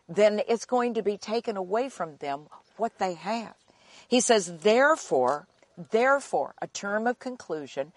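A woman teaching from the Bible in an earnest sermon, slowing to repeat key phrases for emphasis. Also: mid-range voice, dry recording.

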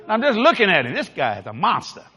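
Preacher, male, New Orleans accent, bright emphatic voice, folksy storytelling in a reverberant hall. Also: high voice, huge pitch swings, fast talker, slightly rough, some chatter behind. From New Orleans, Louisiana. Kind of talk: storytelling sermon.

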